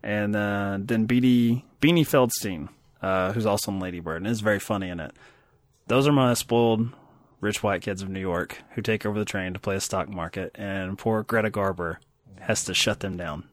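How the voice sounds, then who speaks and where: A man's voice: fairly low pitch, moderate pace, no echo, clean studio sound. A man in his thirties co-hosting a casual movie chat, rambling and self-deprecating, laughing often. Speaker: podcast co-host.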